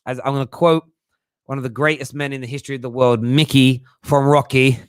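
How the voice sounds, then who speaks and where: A man's voice: mid-range voice, fairly even intonation, brisk, clean tone, no echo, studio quality. A young man hosting a casual live chat, jokey and slangy, laughing often. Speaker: livestream host.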